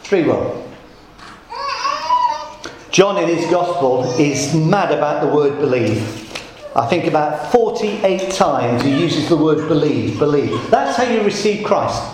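A man preaching a sermon to a congregation, telling jokes and stories in a playful, lively way. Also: on the high side, slow pace, noisy background. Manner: jokey, lively storytelling. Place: church. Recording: echoey church room.

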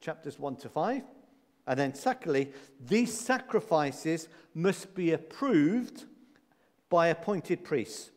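A man's voice: a little high, lively intonation, takes it slowly. A man preaching a sermon, stressing and repeating key phrases to a congregation. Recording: long reverb of a hall.

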